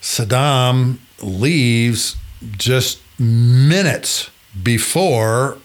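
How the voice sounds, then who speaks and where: A man hosting a podcast, telling a story in a lively, conversational way, sometimes laughing as he speaks. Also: medium pitch, extremely slow. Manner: animated, conversational. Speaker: podcast host.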